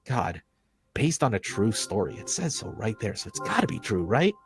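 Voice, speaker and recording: A man narrating a comedic video essay in a sarcastic, profane, excitable way. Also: fairly low pitch, normal speed, music in the background.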